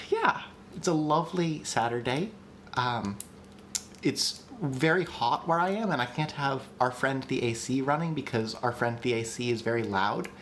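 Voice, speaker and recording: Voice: medium pitch, lively intonation, unhurried, a bit bright, slight background noise. A livestream host teaching language creation in a chatty, enthusiastic way, with frequent ums and restarts. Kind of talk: casual livestream lesson.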